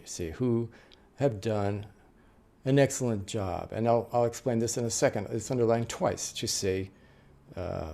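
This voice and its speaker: Middle-aged guy teaching a class, gravelly voice, lots of ums and restarts. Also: mid-range voice, dark tone. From United States. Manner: explanatory, with frequent fillers and restarts. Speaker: interpreter trainer. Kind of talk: lecture on note-taking.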